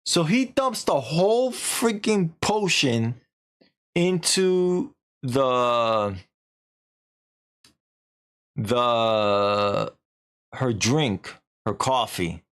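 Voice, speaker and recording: A man's voice: mid-range voice, very slow, long pauses, smooth. Rambling young male streamer. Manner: rambling, animated, lots of filler and slang. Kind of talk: casual story recap.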